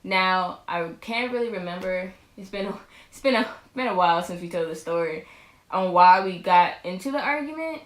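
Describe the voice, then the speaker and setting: A woman's voice: fairly low pitch, lively intonation, normal speed. A young woman, a vlog co-host, rambling casually through a storytime with lots of restarts. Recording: roomy echo.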